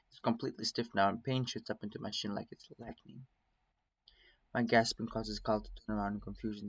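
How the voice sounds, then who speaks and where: A man reading a visual novel aloud in first-person narration, steady and measured. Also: fairly low pitch, no echo. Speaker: story reader.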